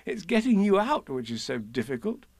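A man voicing a kindly, sensible boy in a storybook, speaking gently and reassuringly. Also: on the high side, big pitch swings, normal speed, no room sound, pitched above the performer's own voice.

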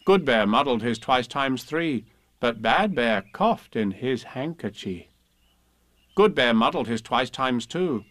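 A man reading children's poems and a storybook aloud in a gentle, expressive way. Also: medium pitch, no room sound. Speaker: reader.

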